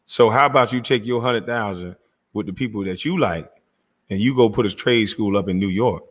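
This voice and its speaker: A man's voice: fairly low pitch, fairly quick. A man hosting his own channel, cursing and mocking as he reacts to clips. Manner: mocking, cursing, laughing loudly. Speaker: commentary channel host. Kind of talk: profane reaction rant.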